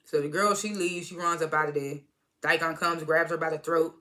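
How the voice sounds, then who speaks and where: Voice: medium pitch, fairly even intonation, fairly quick, sharp tone. A speaker casually recapping a TV episode, retelling scenes as quoted dialogue, swearing freely and chuckling along. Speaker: TV episode reviewer.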